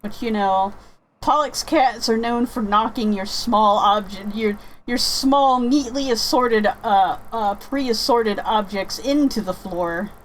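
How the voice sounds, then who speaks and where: A woman chatting casually while playing a game, rambling and thinking out loud with many restarts. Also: on the high side, takes it slowly, a little hiss or hum, poor audio. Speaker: gaming streamer chatting with viewers. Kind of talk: casual chat over gameplay.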